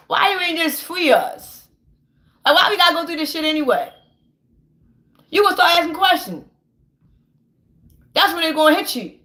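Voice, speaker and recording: A woman's voice: high voice, animated, moderate pace, pauses often, bright, forceful tone. A woman in an impassioned, profane rant, heated and preachy, stammering when she gets worked up. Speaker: vlogger.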